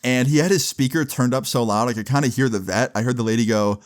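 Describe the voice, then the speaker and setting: A man's voice: medium pitch, fast, hardly any pauses. Casually laughing young storytelling man. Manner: casual, slangy, laughing while telling, swearing. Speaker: vlogger. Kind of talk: storytime vlog.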